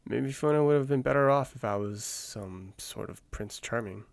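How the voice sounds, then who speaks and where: A gruff, insecure ogre, whispered by a man in a role-play reading. He sounds low and gloomy, with a gravelly edge. The voice sits close and dry on the mic. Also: normal speed, dry recording, close to an everyday voice. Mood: glum.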